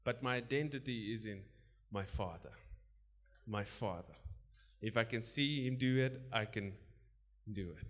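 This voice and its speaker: A man preaching a sermon, moving from quiet asides to loud calls, laughing between points and praying in tongues. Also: mid-range voice, measured pace, pauses often. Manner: animated preaching, swinging between soft asides and loud exhortation.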